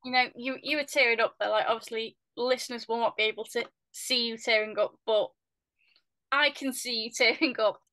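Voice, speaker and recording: A woman's voice: on the high side, steady tone, fairly quick, bright, forceful tone, dry recording. A woman hosting a casual podcast interview, chatty and teasing toward her guest. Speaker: podcast host.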